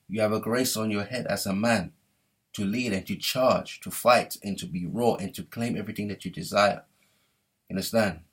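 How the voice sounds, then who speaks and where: Young man, husky and low, preaching motivation to camera with insistent repetition. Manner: emphatic, repetitive, asks "yeah?". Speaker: motivational speaker.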